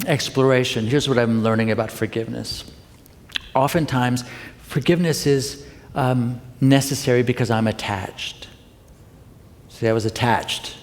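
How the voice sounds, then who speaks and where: A middle-aged man delivers a Sunday talk from the pulpit, confessional and conversational, turning to the congregation with playful questions. His voice sits at an ordinary middle pitch. It rings out into a sanctuary with a long reverb tail. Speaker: minister. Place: church sanctuary.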